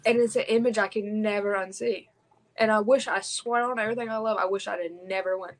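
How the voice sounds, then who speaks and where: A woman's voice: mid-range voice, steady tone, a little fast, poor audio. A woman, hosting a podcast and telling a personal story in a raw, blunt way, swearing heavily. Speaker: podcast host.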